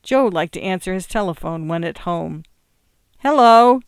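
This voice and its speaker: A narrator reading a story aloud in a measured, expressive way. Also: medium pitch, vocal fry, clean tone, dry recording, clean studio sound. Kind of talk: audiobook reading.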